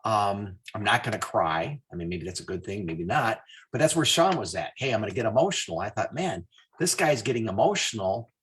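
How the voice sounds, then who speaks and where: A man hosting a business call, telling stories in a casual, animated way. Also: fairly low pitch. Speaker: host.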